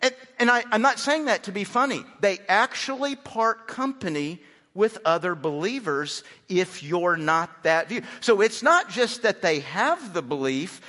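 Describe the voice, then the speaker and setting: Pastor preaching in an echoing sanctuary. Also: male voice, high-pitched, animated, a little slow, pushed and bright. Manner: conversational, repeats words when starting sentences. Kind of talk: sermon. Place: large church sanctuary. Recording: hall reverb.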